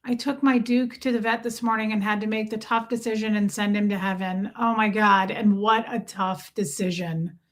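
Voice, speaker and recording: A woman's voice: medium pitch, fairly even intonation, moderate pace, few pauses. A woman hosting a casual live stream, chatting and greeting viewers one by one with teasing banter. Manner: chatty, teasing, warm toward chat. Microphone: streaming mic.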